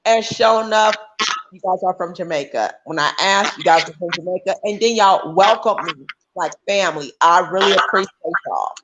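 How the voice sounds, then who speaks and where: A woman's voice: on the low side, moderate pace, highs cut off, noisy background. A woman talking on a livestream call as a guest, emphatic and often restarting her sentences. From United States. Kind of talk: casual chat.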